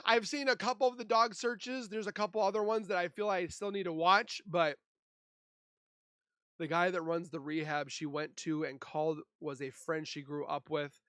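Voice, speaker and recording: A man's voice: high voice, steady tone, normal speed, fairly bright tone, clear, resonant tone, dry recording, studio quality. A man from Minnesota hosting a casual livestream, chatting and reading viewer comments aloud into a desk mic. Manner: chatty, reads and answers chat aloud. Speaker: livestream host.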